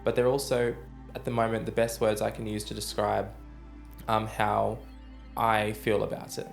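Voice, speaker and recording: Man, podcast host, creaky voice, faint music underneath, thoughtful and hesitant. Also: on the low side, monotone, normal speed. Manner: thoughtful, self-deprecating, hesitant with fillers. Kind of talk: casual late-night conversation.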